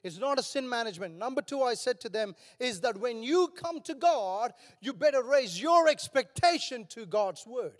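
An older man preaching a passionate sermon as a pastor, building at times to shouts. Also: very high voice, expressive, moderate pace, hardly any pauses. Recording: long hall reverb.

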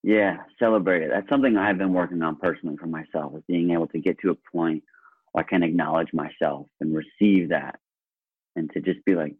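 A man's voice: low voice, steady tone, a little fast, slightly rough, no room sound. A man speaking as a podcast guest in casual conversation, earnest and enthusiastic, often restarting his sentences. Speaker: guest, speaker and workshop presenter. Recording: tinny phone-like line.

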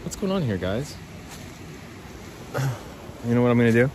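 A man in his twenties or thirties talks to his listeners as he walks outdoors by a creek, rambling and swearing freely. His voice sits at an ordinary middle pitch. A faint hiss of outdoor air runs under his words. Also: big pitch swings, moderate pace, darkish tone. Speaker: podcast host. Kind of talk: rambling walk-and-talk monologue.

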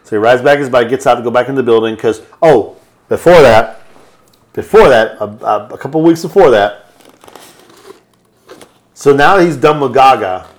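A man on a podcast casually retelling a film's plot in a loose, rambling way, slipping into quick voiced quotes. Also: medium pitch. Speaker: podcast host. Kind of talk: casual movie recap.

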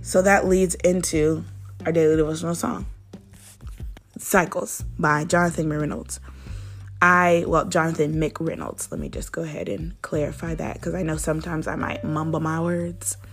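A woman's voice: sits low, little pitch movement, moderate pace, faint music behind. A woman hosting a daily devotional, teaching in an earnest, conversational way and speaking straight to the listener. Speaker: devotional host.

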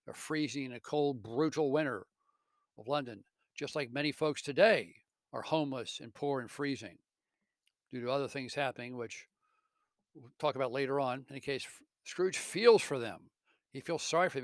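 A man's voice: mid-range voice, a little fast, no echo. Earnest man retelling a classic story. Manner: earnest, with self-corrections.

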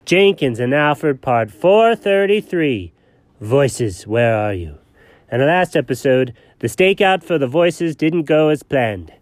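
A man's voice: on the high side, expressive, unhurried, few pauses, no echo, soft background music. A man narrating a homemade story in a playful, wry way.

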